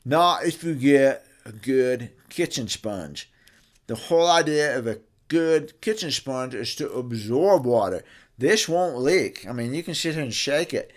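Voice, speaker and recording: A man's voice: medium pitch, animated, measured pace. Folksy chatty man teaching guitar care. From New Mexico, US. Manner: folksy, chatty, self-correcting. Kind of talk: casual how-to demonstration. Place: guitar workshop.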